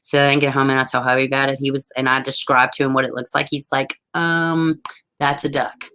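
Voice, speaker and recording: A woman hosting a casual livestream, telling a story in a lively, profane way with a lot of laughing, and answering viewer comments as she goes. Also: a bass voice, fast talker, a little hiss or hum, rough recording. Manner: animated, profane, laughing often. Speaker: livestream host.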